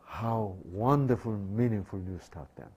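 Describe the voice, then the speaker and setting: A man with a lowish, darkish voice and a breathy edge delivers a sermon-style health lecture, speaking a little slowly. He poses rhetorical questions and answers them himself in broken, repetitive phrasing.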